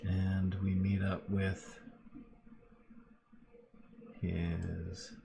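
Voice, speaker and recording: A man's voice: low voice, monotone, very slow, gravelly, noisy background. A man running a tabletop role-playing game on a live stream, narrating loosely with plenty of fillers. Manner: loose, lots of fillers, laughs easily. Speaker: game master.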